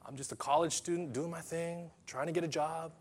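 A man's voice: fairly high pitch, steady tone, a little fast, a little hiss or hum, close to an everyday voice. A man voicing a young woman who brushes things off in an offhand, indifferent way. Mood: dismissive.

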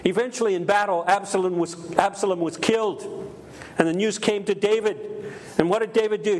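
A man's voice: high-pitched, a little fast, a little mellow. A middle-aged man preaching a sermon with emphasis, repeating key phrases and acting out quoted voices. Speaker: pastor.

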